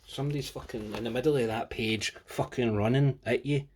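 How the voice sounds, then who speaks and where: A man's voice: mid-range voice, fairly even intonation, brisk, noisy background. A Scottish man giving a casual, rambling comic book review, full of swearing and rants. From Scotland. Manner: profane, ranting, sweary.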